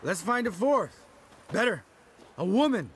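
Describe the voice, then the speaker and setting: A drunk cocky witcher picking fights, high-ish voice bouncing all over, slow and slurry. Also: very animated, a bit bright, slight background noise, full character voice. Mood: mocking. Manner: mocking, quarrelsome, slurred. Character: brash sarcastic male witcher, drunk and taunting.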